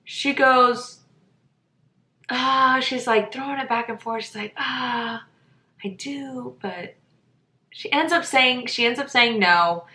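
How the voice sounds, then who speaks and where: A woman hosting a podcast, telling a story in a chatty, animated way and laughing often. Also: on the high side, takes it slowly, pauses often, roomy sound. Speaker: podcast host. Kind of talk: casual storytelling monologue.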